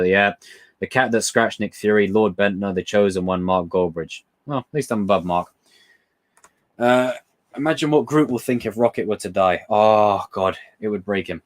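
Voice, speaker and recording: Rambling young man, slightly low voice. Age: young adult. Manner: rambling, excitable, swears freely. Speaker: livestream host reading chat questions. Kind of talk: casual live chat.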